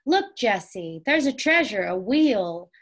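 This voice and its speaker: An eager little boy from a children's storybook, bursting with questions and excitement, as a woman reads his lines aloud. His voice is lifted slightly and bright with curiosity. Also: fairly high pitch, a little slow, lightly acted.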